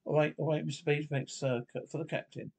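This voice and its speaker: A man reading every part of a film comedy script aloud himself, brisk and lightly comic. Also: on the high side, flat delivery, a little mellow, slightly rough. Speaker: script reader.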